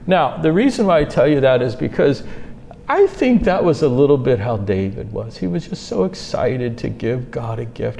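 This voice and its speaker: A man preaching a sermon as pastor, earnest, moving between soft asides and loud, high-pitched bursts. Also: very animated, normal speed, gravelly, in a large hall, slight background noise.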